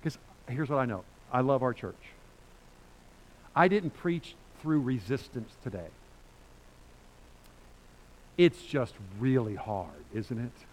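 A man preaching a sermon as pastor, conversational and emphatic, with sudden loud bursts. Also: mid-range voice, expressive, takes it slowly, pauses often, poor audio.

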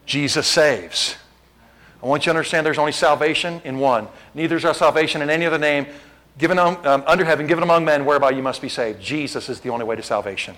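A man's voice: on the high side, steady tone, fast talker, fairly bright tone, rough recording. A male pastor preaching a sermon, shifting between casual asides to the congregation and emphatic, rising exhortation.

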